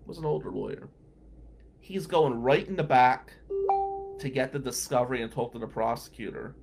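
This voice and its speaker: A man's voice: medium pitch, moderate pace, vocal fry, faint music behind. A man telling courthouse stories as a regular on a radio talk show, acting out the people he quotes. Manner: animated anecdotal storyteller, acts out quotes.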